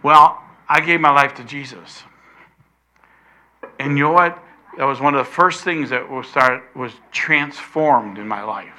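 Older male preacher, slow deliberate delivery, bright forceful tone, leans hard on key words. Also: medium pitch. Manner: emphatic, slows down to stress key words. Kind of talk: sermon.

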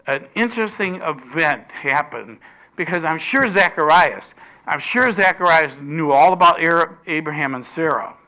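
Slow, bright-voiced male preacher. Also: on the high side. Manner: swings between loud emphasis and hushed whispers. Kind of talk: sermon.

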